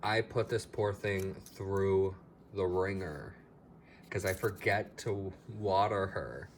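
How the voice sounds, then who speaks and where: Man, lowish voice, slow easygoing talk, chatty plant tour, a bit dramatic. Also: a little hiss or hum. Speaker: plant vlogger. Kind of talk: casual house plant tour. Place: home with plants, indoors.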